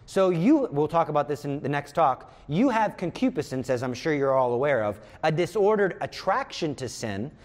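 A man's voice: fairly high pitch, sing-song, normal speed, few pauses. A man giving a conversational retreat talk, acting out inner voices as he explains. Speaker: retreat speaker.

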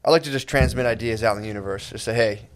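A young man co-hosting a casual chat, talking in a relaxed, halting way with many fillers. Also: lowish voice. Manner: rambling, halting with fillers, laid-back. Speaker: podcast co-host.

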